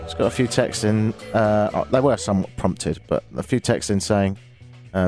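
A man's voice: lowish voice, normal speed, a little mellow, faint music behind. An English man hosting a radio talk show from a studio, with dry, self-mocking banter. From England. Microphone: studio microphone.

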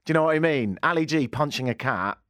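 Radio host, male, animated comic storyteller, jokes at his own expense, dry studio sound. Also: medium pitch, fast talker, no room sound. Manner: self-deprecating, rambling anecdotes with jokes. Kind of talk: comedic talk radio monologue. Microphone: studio microphone.

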